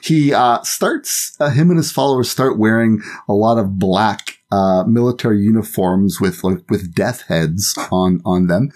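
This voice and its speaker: A man guesting on a podcast, telling a history story in a rambling, lively, casual way. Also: fairly low pitch, a little slow, few pauses.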